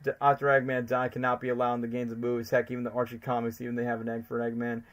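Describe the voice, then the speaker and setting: A man hosting a livestream, talking in an excitable, rambling way as an eager fan. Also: medium pitch, very fast. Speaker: streamer host. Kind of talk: casual livestream commentary.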